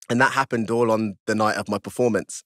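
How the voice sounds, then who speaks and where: A man guest on a podcast, telling a story in casual chat, laughing often and jumping high in pitch as he acts out his own panic. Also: fairly even intonation, moderate pace, fairly bright tone, dry recording, studio quality. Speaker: podcast guest, stripper and fighter.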